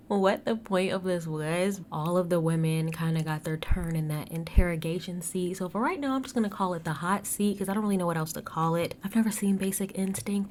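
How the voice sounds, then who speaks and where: A woman hosting a casual recap podcast, chatting to listeners and acting out quoted lines with big jumps in her voice. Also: a little hiss or hum. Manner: animated, acts out quotes with big pitch jumps. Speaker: podcast host recapping reality TV.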